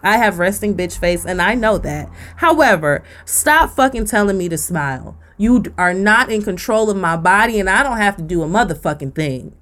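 A woman's voice: mid-range voice, lively intonation, normal speed, few pauses, a bit bright. A woman, co-hosting a podcast and ranting bluntly with profanity. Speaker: podcast co-host. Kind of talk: casual rant on a podcast.

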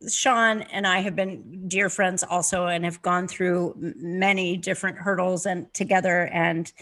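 A woman hosting a podcast, telling stories in a lively, animated way and laughing often. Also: mid-range voice. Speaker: podcast host. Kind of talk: casual conversation.

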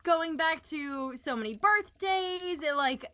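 A female podcast guest chatting casually. Her voice is high and bright, and she rambles along with plenty of "you know". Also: slow. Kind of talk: casual chat.

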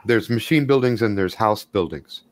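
Low-voiced man playing a tabletop game. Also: expressive, moderate pace, no room sound. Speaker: player.

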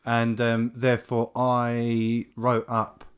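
A man co-hosting a casual podcast about tabletop games, talking in a relaxed, agreeable way with fillers. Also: mid-range voice, slow pace, smooth. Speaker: podcast co-host and game master.

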